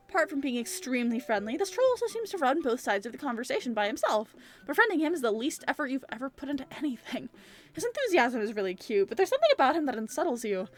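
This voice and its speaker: A woman hosting a gaming channel, reading a visual novel aloud in an animated, playful way with casual swearing and joking asides. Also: sits high, fast, soft background music.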